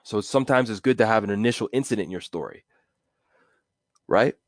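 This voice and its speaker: A man with a low voice hosts a solo podcast. He talks in a relaxed, conversational way with frequent fillers, and the sound is dry and close. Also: fairly quick, no echo. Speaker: podcast host.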